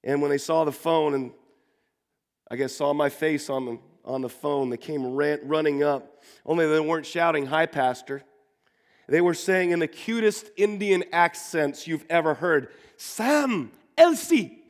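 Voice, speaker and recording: A man's voice: fairly high pitch, fairly even intonation, normal speed, in a large hall. A man preaching a sermon to his congregation as their pastor, earnest and repeating words as he builds his points. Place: church sanctuary.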